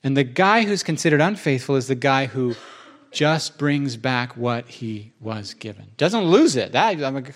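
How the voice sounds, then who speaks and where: A man with a medium-pitched voice hosts a podcast, keeping the chat casual and earnest. He tells stories with lots of animation and drops into quick acted-out asides.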